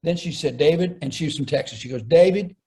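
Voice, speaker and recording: A middle-aged man, a comedian, tells his stories to an interviewer and slips into the voices of the people in them. His voice sits a little high but sounds warm and relaxed. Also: fast talker. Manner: animated storyteller acting out quotes. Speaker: comedian and speaker, podcast guest. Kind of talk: storytelling in conversation.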